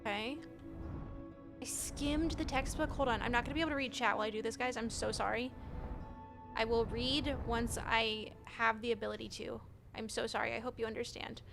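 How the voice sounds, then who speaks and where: High-voiced chatty woman streamer over game music. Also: fairly even intonation, a little fast, gravelly. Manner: chatty, reads chat aloud, laughs often, flustered. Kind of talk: casual live-stream chat while gaming.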